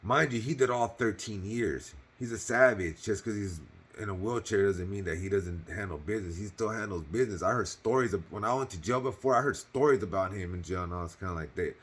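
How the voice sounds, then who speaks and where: A man's voice: fairly low pitch, fairly quick, husky. A man casually telling a personal story on his channel, in loose slang with cursing and lots of fillers, earnest and heartfelt.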